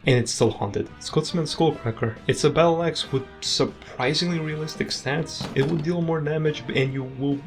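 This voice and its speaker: A man giving casual tier-list commentary on video game weapons, with offhand, dry, quick verdicts. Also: mid-range voice. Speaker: gaming video creator.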